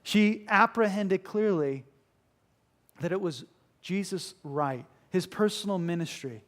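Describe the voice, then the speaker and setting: A man's voice: high voice, animated, slow pace. A man preaching a sermon in an earnest, emphatic way, repeating key phrases for weight.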